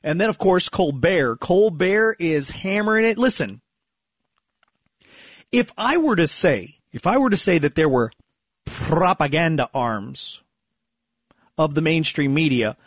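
A man's voice: fairly high pitch, no echo. Sarcastic, rambling man, dry sound. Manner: rambling, sarcastic, with frequent restarts and sighs. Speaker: political commentary host. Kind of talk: casual political monologue.

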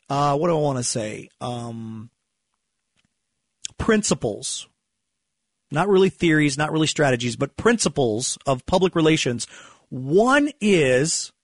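A man's voice: fairly high pitch, no room sound, clean studio sound. A man hosting a casual political monologue, rambling and sarcastic, restarting his sentences and sighing. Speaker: political commentary host.

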